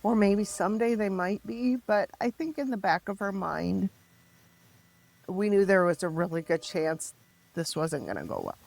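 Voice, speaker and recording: A middle-aged woman telling her story as a podcast guest, raw and emotional, halting and restarting as she speaks. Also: medium pitch, animated, gravelly, darkish tone. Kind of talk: candid personal storytelling.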